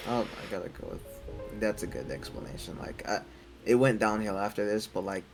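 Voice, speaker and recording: A man's voice: fairly low pitch, animated, brisk, soft background music. A man co-hosting a casual podcast chat, hesitant and agreeable, often trailing off and restarting his sentences. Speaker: podcast co-host.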